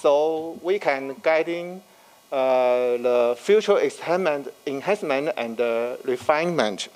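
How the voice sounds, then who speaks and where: A man giving an academic conference talk, halting and with many fillers. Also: mid-range voice, a little mellow, poor audio. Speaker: conference presenter. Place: conference room.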